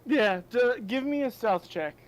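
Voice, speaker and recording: Chatty young game master, high clear voice. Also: male voice, lively intonation, unhurried, rough recording. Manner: loose, chatty narration with fillers. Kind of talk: narrating a tabletop game.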